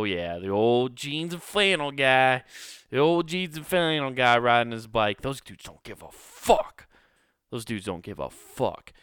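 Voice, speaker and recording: A man's voice: medium pitch, fairly bright tone, clear, resonant tone, dry recording, studio quality. A young adult man hosting a casual solo podcast, telling a rambling, profane story with lots of fillers. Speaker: podcast host.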